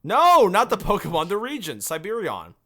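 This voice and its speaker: A man co-hosting a casual comedic podcast, playful and teasing, with quick jokes. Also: high-pitched, wildly swooping pitch, pushed and bright. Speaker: podcast co-host.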